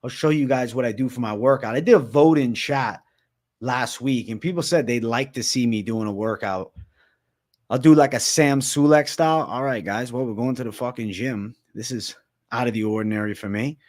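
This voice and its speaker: In a mid-range, slightly mellow voice at normal speed, the young Massachusetts streamer chats casually, swears constantly, and reads comments from his audience aloud.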